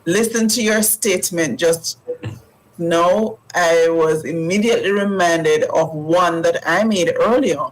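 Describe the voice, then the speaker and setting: A woman co-hosting a morning radio talk show, speaking politely and deliberately. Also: on the low side, low-quality recording.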